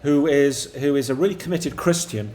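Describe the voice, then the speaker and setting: An older English man, the co-host and father of the streamer, chatting slowly and reflectively about football on a live stream. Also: on the high side. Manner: slow, relaxed, reflective, chuckling.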